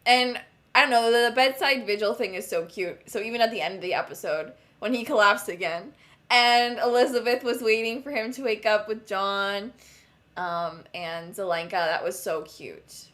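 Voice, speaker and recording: A woman's voice: medium pitch, moderate pace, fairly bright tone. A woman co-hosting a fan podcast in casual chat, enthusiastic and giggly, quoting characters. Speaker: podcast co-host.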